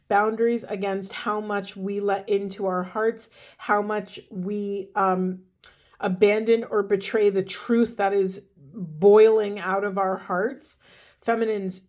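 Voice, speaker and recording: A woman's voice: mid-range voice, darkish tone. A woman giving an earnest, emotional spiritual card reading, speaking directly to her viewers. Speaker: tarot and oracle card reader.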